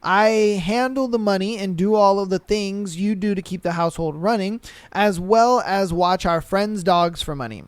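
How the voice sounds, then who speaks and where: A man with a high voice hosts a podcast, reading listener stories aloud and breaking off to riff on them in lively slang. He talks into a close, dry mic with no room sound. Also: moderate pace, smooth, no room sound. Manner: animated, slangy, acts out quotes in voices. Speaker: podcast host.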